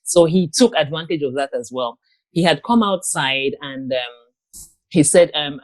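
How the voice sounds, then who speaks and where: A grown woman giving an interview guest's personal account, talking in a halting way with many pauses and restarts. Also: low-pitched, no echo. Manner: halting, with frequent ums and restarts. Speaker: guest, abuse survivor and author.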